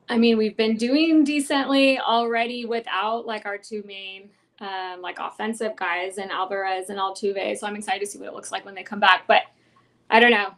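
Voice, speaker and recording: A woman's voice: medium pitch, a bit bright. A woman guest on a sports podcast, chatting casually and eagerly, laughing often between thoughts.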